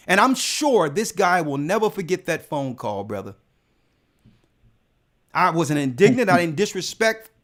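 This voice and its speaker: A man's voice: fairly high pitch, fairly bright tone. A man, a church elder, telling a personal testimony in casual speech, emphatic and often repeating words as he builds his point.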